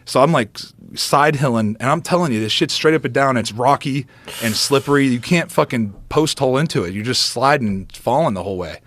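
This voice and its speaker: A man on a podcast telling a long hunting story in a casual, animated way, swearing often and laughing between lines. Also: mid-range voice, fairly quick. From United States. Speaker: podcast guest, former football player.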